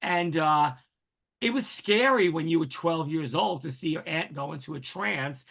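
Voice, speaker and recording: Gravelly animated man telling a story. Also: on the high side, moderate pace. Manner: animated storyteller, acts out quoted voices. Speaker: interview guest. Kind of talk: casual storytelling.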